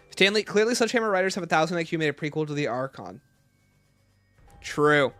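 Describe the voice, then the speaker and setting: A man's voice: on the high side, fairly bright tone, no room sound. A man hosting a casual livestream, reading viewer chat aloud and answering with blunt, opinionated takes. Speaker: livestream host.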